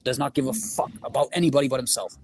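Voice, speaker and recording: A man with a medium-pitched voice speaks at a quick pace, co-hosting a livestream. His heated rant is animated and scornful, full of heavy swearing.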